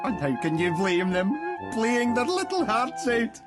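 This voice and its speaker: A man's voice: extremely high pitch, big pitch swings, unhurried, over music, exaggerated voice. An actor playing a weary, grim old Scottish man with a broad accent in a radio comedy sketch. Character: gruff old Scottish man who shot walnuts.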